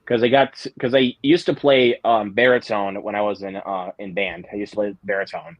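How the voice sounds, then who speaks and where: A man's voice: fairly low pitch, steady tone, normal speed, dry recording. Young man, casual stream host, rambling with fillers, dry close sound, muffled lo-fi mic. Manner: rambling, many fillers and restarts. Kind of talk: casual live-stream chat.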